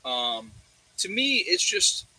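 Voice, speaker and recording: A man's voice: high-pitched, wildly swooping pitch, slow pace, pushed and bright, no room sound, low-quality recording. A man hosting a casual livestream, rambling through a story with lots of fillers and restarts. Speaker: livestream host. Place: warm room indoors.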